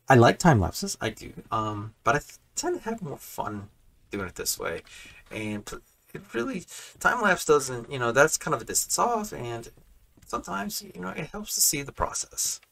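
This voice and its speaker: Building in a game from his home room, a Minecraft creator gives casual commentary, rambling and correcting himself along the way. His medium-pitched voice is a bit bright and sing-song, with vocal fry and a moderate pace.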